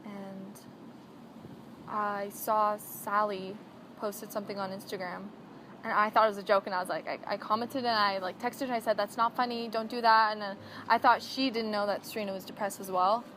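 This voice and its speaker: A woman's voice: medium pitch, steady tone, normal speed, fairly bright tone. A woman in a documentary interview, hesitantly recounting how she found out her friend had died. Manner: hesitant, subdued recollection. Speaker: friend of the deceased. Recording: noisy interview recording.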